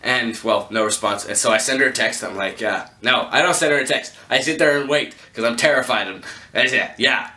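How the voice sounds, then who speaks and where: A man vlogging a rambling storytime to camera, joking at his own expense with quick asides. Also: mid-range voice, pushed and bright. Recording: echoey room.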